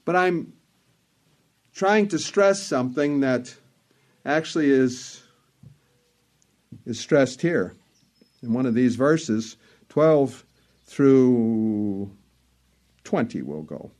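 A man's voice: mid-range voice, animated, extremely slow, pauses often, darkish tone. A man preaching a sermon in an earnest, emphatic way, repeating phrases for stress.

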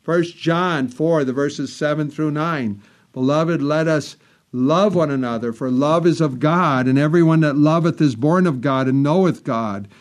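Man preaching a deliberate, repetitive sermon. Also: on the high side. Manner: measured, repeating words for emphasis, quoting old scripture wording.

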